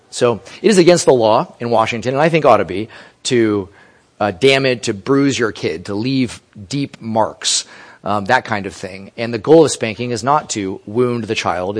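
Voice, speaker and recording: A man preaching a sermon, earnest and emphatic, quoting scripture. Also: on the low side. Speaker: pastor.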